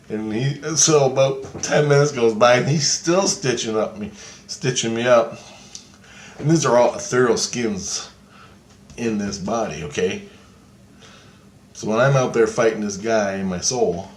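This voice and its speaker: Profane man rambling through a dream story. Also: mid-range voice. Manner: profane, rambling, acts out quotes. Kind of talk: casual storytelling about a dream. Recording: echoey room with faint background noise.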